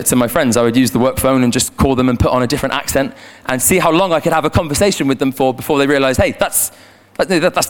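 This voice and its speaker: A young man giving a conversational sermon in church as a youth leader, earnest and prone to repeating words as he restarts his sentences, speaking into a handheld microphone. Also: mid-range voice.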